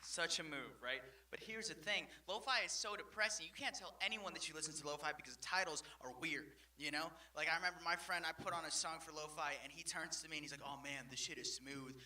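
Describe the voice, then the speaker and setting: A man's voice: fairly high pitch, fast, hardly any pauses, recorded from a distance. Self-mocking young man doing stand-up. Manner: rambling, self-mocking, acts out his stories loudly. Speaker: stand-up comedian. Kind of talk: stand-up set.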